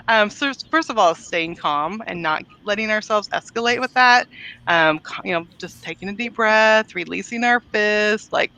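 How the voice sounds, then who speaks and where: Bright-voiced woman guest author. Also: medium pitch, rough recording. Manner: earnest, explanatory, laughs easily. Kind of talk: conversational interview.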